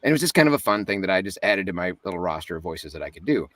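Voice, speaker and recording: Man, lowish voice, chatty interview guest, laughs a lot, dry sound, set back from the mic. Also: very animated, very fast, a bit bright, no room sound, distant mic. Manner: chatty, joking, laughs often. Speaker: guest voice actor. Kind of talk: casual interview chat.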